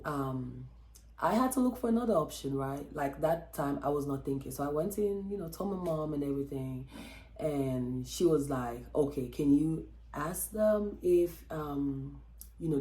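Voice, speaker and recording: A woman vlogger telling a personal story in a chatty, expressive way, with lots of fillers and acted-out quotes. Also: low-pitched, roomy sound, slight background noise. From Texas. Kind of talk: casual storytelling vlog.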